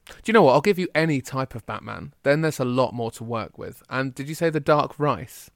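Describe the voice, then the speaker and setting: A man's voice: mid-range voice, lively intonation, a little fast, vocal fry, soft background music. Playful man hosting a podcast game. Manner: playful, laughs often. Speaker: podcast host running a game. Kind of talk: casual banter.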